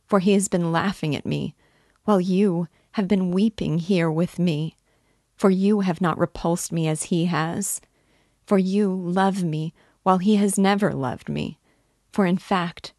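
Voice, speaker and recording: A woman's voice: fairly low pitch, fairly even intonation, unhurried, a little mellow, dry recording, clean studio sound. A woman reading the part of an emotional young woman torn in love, pleading and breaking off mid-sentence. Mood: impassioned. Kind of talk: dramatic reading of a novel.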